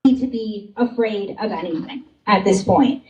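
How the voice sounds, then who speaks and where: A woman's voice: medium pitch, moderate pace, a little mellow. A woman giving an earnest, emphatic speech at a fundraiser event. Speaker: speaker at a fundraiser. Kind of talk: public speech. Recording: muffled, distant event clip.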